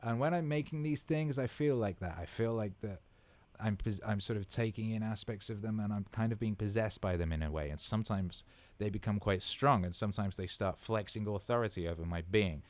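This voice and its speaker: A man's voice: lowish voice, a little fast, few pauses, dry recording. A man in his thirties hosting a casual livestream Q&A, rambling enthusiastically and swearing freely. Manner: enthusiastic, repeats words for emphasis. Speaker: livestream Q&A host.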